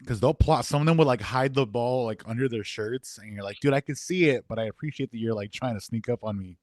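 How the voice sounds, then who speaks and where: A man's voice: mid-range voice, fast, a little mellow, dry recording, clean studio sound. A young man co-hosting a podcast, telling casual stories in a laid-back way full of filler words. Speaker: podcast co-host. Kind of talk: casual chat.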